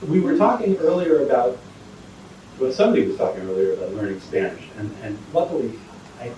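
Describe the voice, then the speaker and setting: A man's voice: medium pitch, expressive, fairly quick, warm tone, a little hiss or hum. A man doing a stand-up comedy set, rambling and interrupting himself as he tells jokes. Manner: rambling, self-interrupting storyteller. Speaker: stand-up comic. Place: comedy night venue, indoors. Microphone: iPhone recording from too far away. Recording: distant, echoey phone recording.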